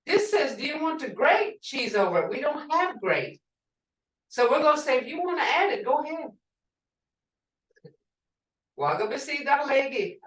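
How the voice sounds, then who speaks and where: Older woman teacher, slow and patient, distant from the mic in a roomy space. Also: fairly high pitch. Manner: patient, explains word by word with examples. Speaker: language teacher. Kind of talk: classroom language lesson.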